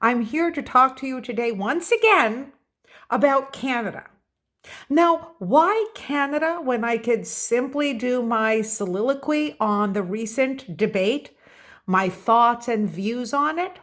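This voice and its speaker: A woman's voice: on the high side, expressive, takes it slowly, a bit bright. An American woman giving opinionated political commentary in a vlog, talking straight to her viewers and stressing key words. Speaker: political vlogger.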